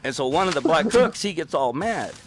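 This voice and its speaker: A man's voice: a little high, big pitch swings, a little fast. A man telling a long story in casual chat, profane and rambling, with many fillers. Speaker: podcast host.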